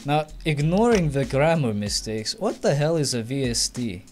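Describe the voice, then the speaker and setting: A man's voice: mid-range voice, animated, normal speed, darkish tone. A man giving sarcastic, swearing commentary while playing a game. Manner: sarcastic, swearing, mocking the game's text. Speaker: let's play commentator. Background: faint game music.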